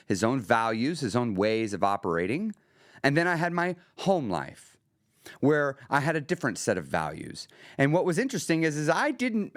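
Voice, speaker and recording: A man's voice: medium pitch, dry recording, clean studio sound. A man hosting his own weight loss podcast, speaking earnestly in a coaching tone with rhetorical questions. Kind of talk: motivational podcast monologue.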